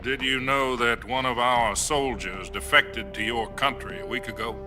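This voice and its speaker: An actor playing a calm American president speaking in a measured, diplomatic way over game cutscene music. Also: male voice, medium pitch, close to an everyday voice. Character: calm male American president on a hotline call.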